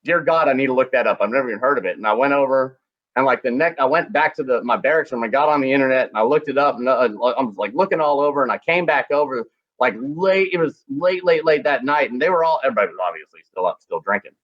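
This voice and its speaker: Guy swapping raunchy army stories, mid pitch, kinda muffled audio. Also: quick pace. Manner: crude, animated anecdote-telling with acted quotes. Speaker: podcast guest, former combat medic. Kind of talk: casual storytelling.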